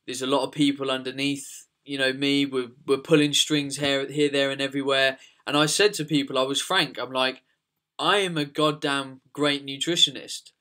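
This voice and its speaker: A man's voice: medium pitch, little pitch movement, fairly quick, few pauses, bright, forceful tone. A man with an English accent hosting a podcast, speaking frankly and reflectively in casual chat. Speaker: podcast host, nutritionist.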